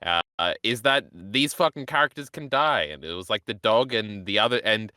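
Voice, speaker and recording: Crude, sarcastic man with a bright voice. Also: fairly low pitch, animated, normal speed, no echo, clean studio sound. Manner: crude, sarcastic, rants with heavy profanity. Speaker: podcast co-host. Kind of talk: casual chat.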